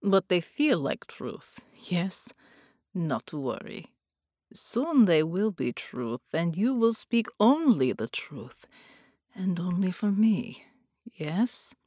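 A woman voicing a menacing male captor who speaks in a slow, hushed, breathy whisper. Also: fairly low pitch, very animated, no room sound, clean studio sound, full character voice.

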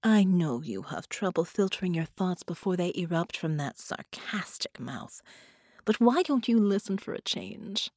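Lady doing a low sultry whispery shapeshifter villainess, slow and creepy-sweet, dry close sound. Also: lively intonation, darkish tone, breathy edge, no room sound, exaggerated voice. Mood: sultry menacing. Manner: slow, menacing tenderness. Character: sultry, possessive female shapeshifter captor. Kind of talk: audiobook character voice.

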